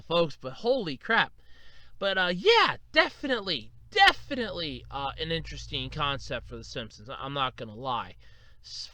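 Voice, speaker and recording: A man talks by himself on his podcast, his voice high and bright and swinging all over the place. He rants freely, swears, and slips into little voices to act out what other people said. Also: clean tone, no room sound. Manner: animated, swearing, gushing, acts out quotes. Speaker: podcast host. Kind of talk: solo casual podcast rant.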